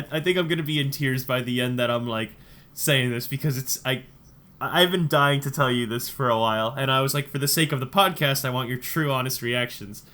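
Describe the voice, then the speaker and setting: A man co-hosting a podcast in casual chat, telling a story with excitement and frequent laughter. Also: medium pitch. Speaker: podcast co-host.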